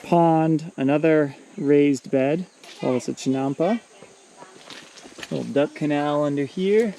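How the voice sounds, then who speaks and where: A man giving a relaxed walking tour of his outdoor tropical farm, pointing out plants as he goes. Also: fairly high pitch, slow pace, vocal fry. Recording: outdoor noise with insects and crickets.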